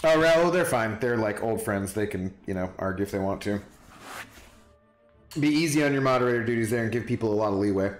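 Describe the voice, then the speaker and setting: A man's voice: lowish voice, lively intonation, a little fast. A man streaming a game, chatting loosely and rambling as he answers his viewers by name. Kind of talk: casual live-stream chat. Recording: roomy, with background music.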